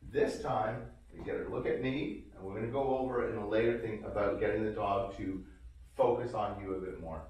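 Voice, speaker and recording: A man's voice: brisk, distant mic, dull audio. Man training a dog in an echoey room. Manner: explains calmly between short commands, then bursts into high excited praise. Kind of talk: casual training demonstration. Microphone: robotic tracking camera. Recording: echoey room, voice from away from the mic.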